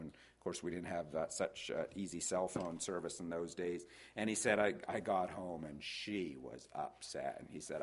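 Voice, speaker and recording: Older man preaching, low voice. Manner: folksy storytelling, hesitant restarts. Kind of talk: sermon on marriage.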